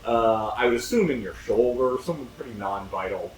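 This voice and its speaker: A man's voice: mid-range voice, animated, fairly quick. A man running a tabletop game as game master, talking casually, swearing and laughing often. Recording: roomy echo, distant mic, faint noise.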